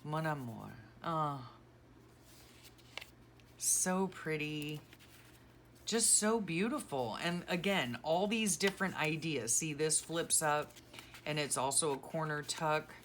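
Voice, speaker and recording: Low, slow-talking gushing woman. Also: expressive, a little hiss or hum. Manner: gushing, sentimental, rambling. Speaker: crafting vlogger. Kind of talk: casual chat while decluttering.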